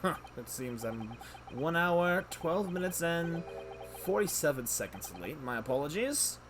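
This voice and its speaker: A man voicing an imposing, pompous elderly chief justice in a put-on generic British accent, reading a game's lines slowly and formally over faint game music. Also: a little high, big pitch swings, background noise. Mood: stately. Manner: stately, slow, formal.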